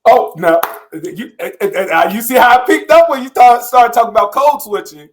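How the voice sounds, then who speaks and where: A man's voice: very high voice, brisk, slight background noise, low-quality recording. A middle-aged man, hosting a casual interview, cheering and teasing his guest. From Atlanta, US. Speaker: coach and interview host.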